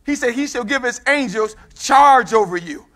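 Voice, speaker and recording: A man with a Midwestern US accent preaching a sermon with fervor, urging the reader on and rising to shouts. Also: very high voice, animated, moderate pace.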